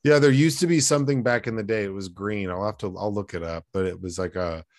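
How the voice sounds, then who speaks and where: Man, podcast co-host, casual rambling chat, slangy, fillers, fairly low voice, dry sound. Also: quick pace, a little mellow, no room sound. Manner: rambling, slangy, swears freely, lots of fillers.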